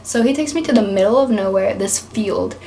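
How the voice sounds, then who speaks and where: A woman's voice: medium pitch, fairly quick, noisy background. A young woman from East Tennessee telling a rambling, chatty story to camera, peppered with "like". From East Tennessee, USA. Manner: chatty, rambling, heavy use of "like". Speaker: vlogger.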